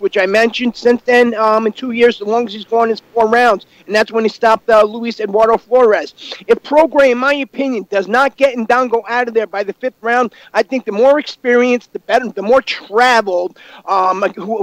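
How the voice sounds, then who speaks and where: A man's voice: high-pitched, no room sound, rough recording. A man appearing as a guest analyst on a talk show, walking through fighters' records with a lot of "you know" fillers. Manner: fact-heavy, full of "you know" fillers. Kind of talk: casual call-in commentary.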